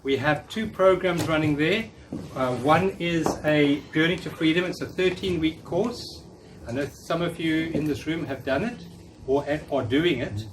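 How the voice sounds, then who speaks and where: Coaching and cheering on an audience in a room, a man in his fifties delivers a live workshop talk at a moderate pace in a slightly high voice. The mic is distant, and faint noise comes through.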